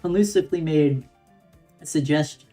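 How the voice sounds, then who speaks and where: A woman's voice: sits low, normal speed, mellow, soft background music. A woman streamer reading a game story aloud on stream, reacting with playful giggles.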